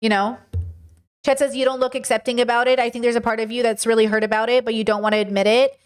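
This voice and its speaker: A woman's voice: on the high side, little pitch movement, quick pace, clear, resonant tone. A woman hosting a livestream, answering viewers' chat questions in an earnest, emphatic way.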